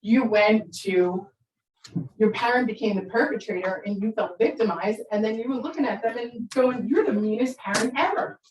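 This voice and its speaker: A woman's voice: medium pitch, moderate pace. A middle-aged woman speaking to an audience about parenting, telling stories and acting out the voices in them. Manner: animated, acts out quoted voices. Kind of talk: storytelling talk to an audience. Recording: roomy sound from far off the mic.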